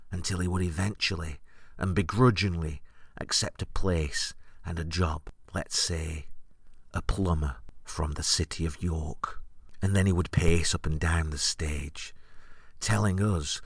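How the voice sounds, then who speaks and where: A man hosting a podcast, recounting an anecdote in a wry, deadpan storytelling monologue. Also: low-pitched, no echo, studio quality. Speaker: podcast host.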